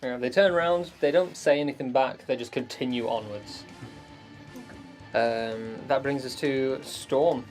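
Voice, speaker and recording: A man's voice: mid-range voice, a little slow, darkish tone, soft background music. A man running a tabletop game as dungeon master, hesitant with many ums and chuckling asides.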